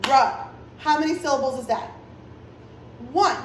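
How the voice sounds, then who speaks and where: A woman kindergarten teacher giving a virtual lesson, talking slowly and clearly in a sing-song way to small children. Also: high voice, very echoey, far from the mic, slight background noise, rough recording.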